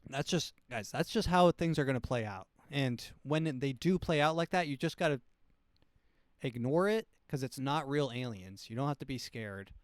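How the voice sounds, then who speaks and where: A man's voice: medium pitch, animated, moderate pace, dry recording, clean studio sound. A man hosting his comedy show, talking in a loose, profane, rambling monologue. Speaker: comedy podcast host.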